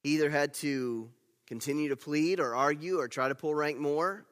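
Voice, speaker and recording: A man preaching a sermon as pastor, telling the story with animated swings between loud emphasis and hushed asides. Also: on the high side, normal speed. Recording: long reverb of a large hall.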